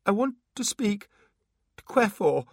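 A man voicing a timid little male imp with a high, squeaky voice in a storybook reading. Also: big pitch swings, fairly quick, husky, no room sound, clean studio sound. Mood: determined.

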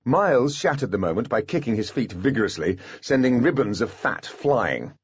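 A man narrating an audiobook in a scripted, expressive storytelling manner. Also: medium pitch, moderate pace, slightly rough, no room sound, highs cut off.

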